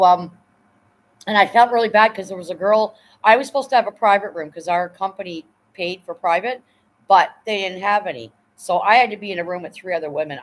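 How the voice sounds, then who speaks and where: Lowish voiced woman in her 50s chatting on a stream, blunt, swears a lot, keeps saying right?. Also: poor audio. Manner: blunt, swears freely, many "right?" asides. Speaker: livestream host. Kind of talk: casual storytelling chat.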